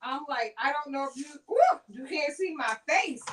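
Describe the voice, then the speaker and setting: A woman's voice: sits high, animated, moderate pace, fairly bright tone, a little hiss or hum. An older woman hosting a live embroidery tutorial, chatty and laughing as she exclaims to herself. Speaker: embroidery channel host. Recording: voice a bit distant from mic.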